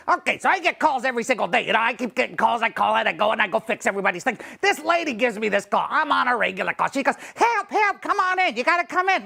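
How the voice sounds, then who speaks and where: A performer improvising a crude, excitable, donut-obsessed plumber with a hot temper and a put-on regional accent, rambling and swearing. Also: high voice, gravelly, exaggerated voice. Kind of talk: improvised comedy scene.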